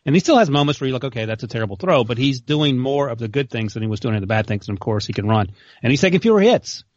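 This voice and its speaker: A young man in casual sports debate as a co-host, opinionated and quick to correct. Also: medium pitch, lively intonation, no echo, muffled recording. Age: young adult. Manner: fast, opinionated, corrects others.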